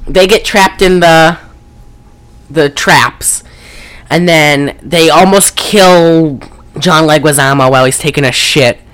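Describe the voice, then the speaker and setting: A podcast co-host recaps a movie casually, rambling on with plenty of swearing and filler words. The voice is medium-pitched and fairly bright, and the delivery is slow.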